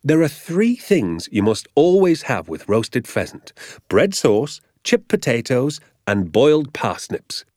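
A man voicing an excitable, boastful middle-aged father in an audiobook, exclaiming in a grand, theatrical way. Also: medium pitch, slow, no echo, studio quality. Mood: grandly planning. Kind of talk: audiobook character voice.

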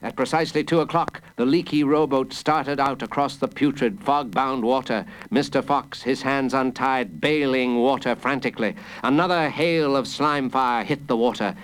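A man reading a children's adventure story aloud in an expressive, dramatic way. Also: medium pitch, moderate pace, hardly any pauses, rough recording. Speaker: narrator.

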